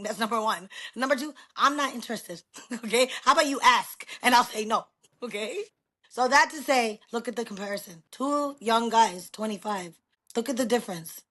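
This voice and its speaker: Loud, animated middle-aged woman with a New York accent; guest storyteller in a casual chat. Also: on the high side, moderate pace.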